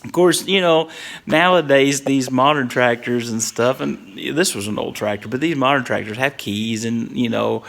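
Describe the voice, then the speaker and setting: A man's voice: medium pitch, normal speed, gravelly, a bit bright. A middle-aged man, telling a funny story from his youth in a casual, chatty way and chuckling often as he goes. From Whitley County, Kentucky.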